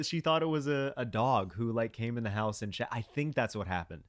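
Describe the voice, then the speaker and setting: A man's voice: medium pitch, normal speed, few pauses, no echo, studio quality. A young man co-hosting a podcast, chatting in a rambling, jokey way with lots of fillers and restarts. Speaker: podcast co-host. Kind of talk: casual chat.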